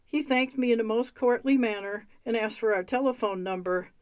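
A woman reading a memoir aloud, unhurried and clear. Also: mid-range voice, no echo. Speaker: reader of memoirs.

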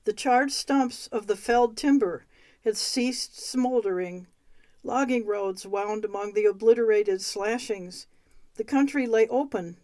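A woman reading a memoir aloud, unhurried and clear. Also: a little high, dark tone, no echo. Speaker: reader of memoirs.

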